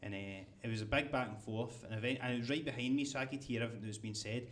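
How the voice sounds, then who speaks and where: Man, stand-up comic, mid-pitched, chatty storyteller. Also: racing, fairly bright tone, a little hiss or hum. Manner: conversational, storytelling with asides. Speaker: stand-up comedian. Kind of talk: stand-up comedy set. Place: comedy club stage.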